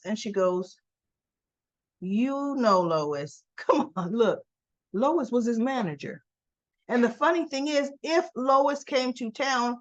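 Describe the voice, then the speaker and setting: A woman's voice: fairly high pitch, muffled recording. Chatty woman recapping a soap. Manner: chatty, retells scenes with "she goes" quotes. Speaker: soap opera recap vlogger. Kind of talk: casual episode recap.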